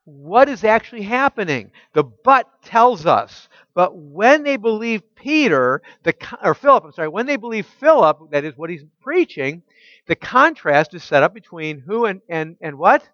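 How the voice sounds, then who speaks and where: A man preaching a teaching sermon, asking his listeners rhetorical questions and reading scripture aloud slowly with emphasis. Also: sits high, very animated, fairly bright tone, dry recording, dull audio. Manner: asks the congregation rhetorical questions. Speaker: pastor.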